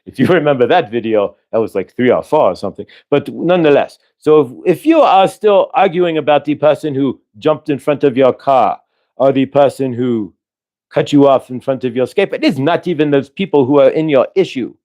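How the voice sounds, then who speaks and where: A man's voice: mid-range voice, a little fast, darkish tone. A man giving a live spiritual channeling talk, earnest and coaching, asking the listener rhetorical questions.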